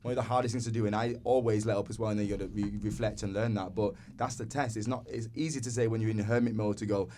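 Fast-talking man, reflective. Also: fairly low pitch, steady tone, mellow, a little hiss or hum. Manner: earnest, reflective, talks in a rush. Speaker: guest dancer. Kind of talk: casual podcast conversation.

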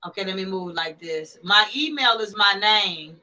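A woman hosting a casual livestream, chatting back to viewers' comments in an animated way. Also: medium pitch, moderate pace, low-quality recording. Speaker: livestream host.

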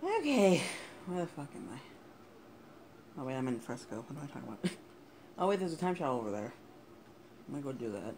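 A man's voice: medium pitch, expressive, fast talker, vocal fry, long pauses, a little mellow. Foul-mouthed young man gaming, noisy recording. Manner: swears a lot, angry outbursts. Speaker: gameplay commentator. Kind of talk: casual gaming commentary.

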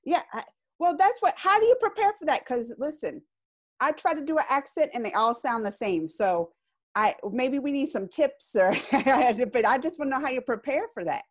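A woman asks a voice actor about his accent, chatty and giggly. Her voice sits high and swoops with lively pitch. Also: normal speed. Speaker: interviewer, online reviewer. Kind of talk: casual interview.

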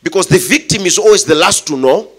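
A man preaching a sermon, telling the story dramatically and bursting into shouts. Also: high-pitched, lively intonation, brisk, husky.

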